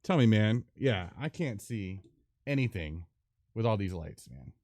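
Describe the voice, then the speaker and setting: Give me a low-voiced man rambling through a casual podcast chat, dry close mic. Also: a little slow, dry recording. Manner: rambling, animated, lots of fillers. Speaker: podcast host.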